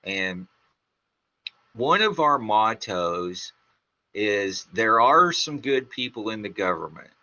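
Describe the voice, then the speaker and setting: A man hosting a radio talk show, speaking in a measured, deliberate way. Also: fairly low pitch, expressive, sharp tone. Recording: dull lo-fi radio sound.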